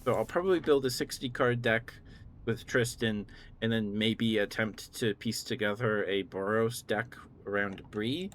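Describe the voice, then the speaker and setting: A man streaming live, chatting in a relaxed way and thanking viewers, still groggy with a morning voice. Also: on the low side, a little slow, slight background noise. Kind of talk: casual live-stream chat.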